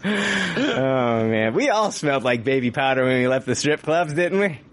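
A man hosting a casual podcast chat, animated and joking, laughing often and swearing casually. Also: mid-range voice, moderate pace, slight background noise. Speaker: podcast host.

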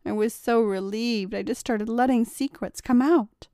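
A woman narrating a first-person story in a quiet, confiding way. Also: a little high, a little slow, hardly any pauses, smooth, no echo, clean studio sound.

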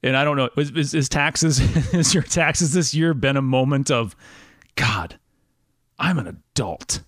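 A man's voice: a little high, fairly even intonation, moderate pace, no room sound, clean studio sound. A man hosting a podcast, chatting casually in a rambling, laughing way. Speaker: podcast host. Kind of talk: casual interview chat.

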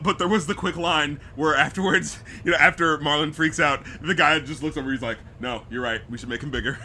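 A man co-hosting a casual movie review podcast, swearing freely and mocking scenes by acting them out. His voice is bright and fairly high for a man. He talks in a loose, sarcastic way. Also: a little hiss or hum. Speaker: podcast co-host.

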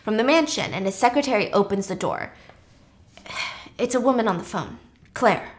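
A woman hosting a casual chat, recapping a movie in an animated, joking way. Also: mid-range voice, moderate pace, pauses often. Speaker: host.

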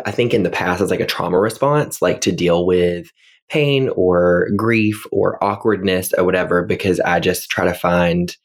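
Male co-host, very low voice, dry and self-mocking, loose chatty delivery. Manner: wry, self-deprecating storyteller with frequent fillers. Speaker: podcast co-host, middle school English teacher. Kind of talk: casual podcast chat.

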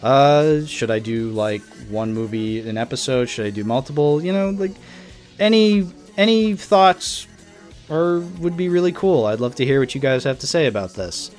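A man's voice: mid-range voice, expressive, moderate pace, a little mellow, faint music behind. A young man hosting a casual solo podcast, reviewing a film in an exasperated, sarcastic ramble full of fillers. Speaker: podcast host.

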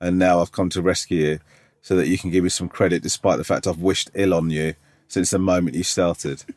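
A man's voice: low voice, fairly even intonation, fairly quick, darkish tone, no room sound. Teasing man, dry close mic. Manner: sweary, teasing, reads listener letters aloud. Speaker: podcast co-host. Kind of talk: casual podcast banter.

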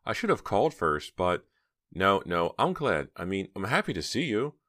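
A man's voice: low-pitched, sing-song, moderate pace, pushed and bright, no echo, clean studio sound, voice pushed up, heavily acted. A man voicing a defensive teenage girl, talking in tense, clipped lines.

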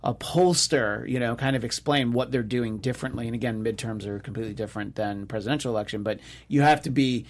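A man's voice: medium pitch, fast, hardly any pauses, slight background noise. Wry, rambling man in political chat. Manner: wry, sarcastic, rambling with many fillers.

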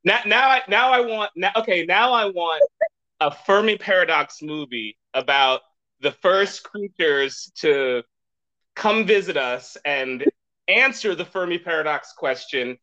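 A man hosting a podcast in casual chat, rambling and excitable and laughing often. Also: sits high, unhurried, muffled recording. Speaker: podcast host.

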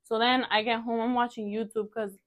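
A woman's voice: on the high side, flat delivery, fairly quick, a bit bright. A young adult woman, a guest on an interview show, telling her story in a chatty, casual way with loose swearing. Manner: chatty, swears casually, acts out quoted dialogue. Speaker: guest entrepreneur.

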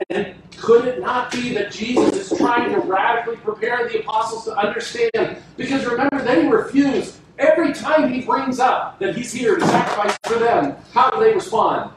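High-voiced preacher in an echoey hall. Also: male voice. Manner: emphatic, dramatic pauses, acts out quoted lines. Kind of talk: sermon. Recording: echoey room from a distance with faint noise.

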